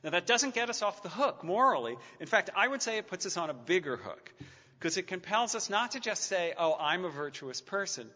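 A man with a pushed, bright, fairly high voice gives a public talk and then takes audience questions. His humor is dry and wry, he often stammers and restarts, and the lecture-hall recording is muffled with long reverb.

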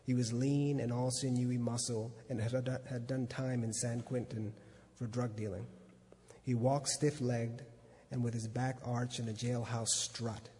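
A man's voice: medium pitch, little pitch movement, mellow. Man reading aloud in a reverberant hall. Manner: unhurried reading with small stumbles and restarts. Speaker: magazine editor reading at an event. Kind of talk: reading a literary excerpt aloud.

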